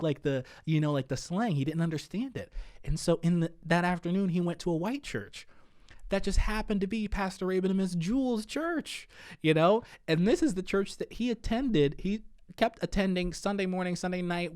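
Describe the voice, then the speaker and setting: A man in his thirties, a podcast guest, talking in a hesitant, halting way with many restarts. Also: a little high, a little mellow, dry recording, clean studio sound. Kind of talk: casual conversation.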